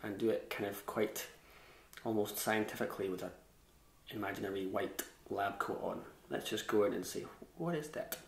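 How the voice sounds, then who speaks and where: Male fiddle tutor, lowish voice, casual and self-deprecating, echoey room. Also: normal speed, gravelly. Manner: chatty and self-deprecating, with scat-sung rhythms. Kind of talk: relaxed online music lesson.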